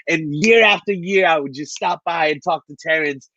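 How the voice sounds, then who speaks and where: A man with a fairly high voice tells a motivational story with animated energy, acting out both sides of the dialogue. The sound is dry and slightly muffled. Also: a little fast, few pauses, no room sound. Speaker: speaker at a men's online event.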